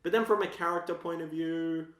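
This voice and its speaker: A man's voice: on the high side, fairly even intonation, fairly quick, fairly bright tone. A man co-hosting a film podcast, talking casually and thoughtfully about filmmaking. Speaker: podcast co-host. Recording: roomy echo.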